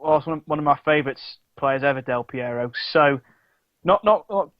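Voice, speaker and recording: Halting man on a dull mic. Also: fairly high pitch, expressive, no echo. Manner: halting, many restarts and fillers. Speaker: podcast co-host. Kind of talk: casual sports chat. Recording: dull lo-fi dry sound.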